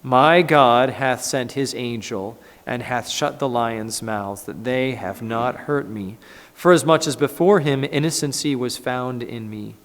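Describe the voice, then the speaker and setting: A man preaching a sermon, voicing a humble devout prophet in a slow, solemn, measured way, in an echoey church. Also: medium pitch, natural voice. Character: calm devout male prophet, steady and humble.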